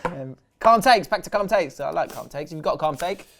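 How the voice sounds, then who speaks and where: A man co-hosting a podcast, chatting casually about football and telling stories, often cutting in with quick remarks. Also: fairly high pitch, lively intonation, gravelly, fairly bright tone. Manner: chatty, laughing storyteller who interjects often. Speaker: podcast co-host.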